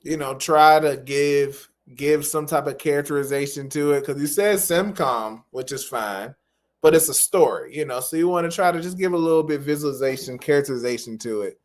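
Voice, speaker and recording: A man's voice: a little high, a little fast. A man coaching interpreters in a live-stream feedback lesson. He explains things patiently and encouragingly, repeating his key phrases.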